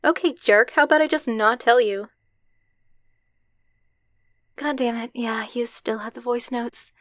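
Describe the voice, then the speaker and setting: A brash, swearing tsundere girlfriend, played by a young woman in an ASMR roleplay voice message. Her voice sits high and she takes her time with the words. The sound is bone dry and close to the mic. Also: a little slow, a bit bright, dry recording. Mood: gruff, embarrassed. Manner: swears a lot, gruff then embarrassed.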